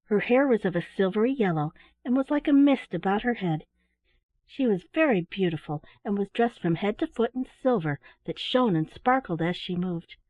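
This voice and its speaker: A woman narrating a children's bedtime story in a gentle, expressive reading voice. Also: medium pitch, moderate pace. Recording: dry, phone-like narrow sound.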